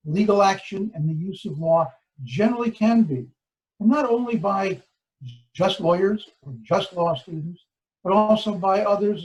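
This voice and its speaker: An older man, a law professor, giving a formal lecture, with deliberate pacing and stressed key words. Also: high voice, a little mellow, muffled recording. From United States.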